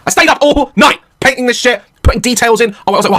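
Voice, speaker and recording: A man telling a comic story as a rant, animated, swearing and laughing. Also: extremely high pitch, fast, hardly any pauses. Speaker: comedian, podcast host.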